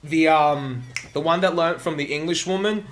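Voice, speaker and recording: A man's voice: fairly high pitch, normal speed, a bit bright, a little hiss or hum. An Australian man, a speedrun streamer, chatting casually and rambling as he answers his live chat.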